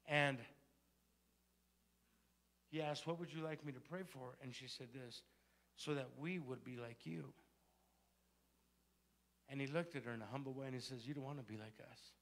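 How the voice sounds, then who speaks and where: A man's voice: mid-range voice, moderate pace, creaky, long pauses, fairly bright tone. A male pastor telling a story in a sermon and building to fervent exhortation. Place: church sanctuary.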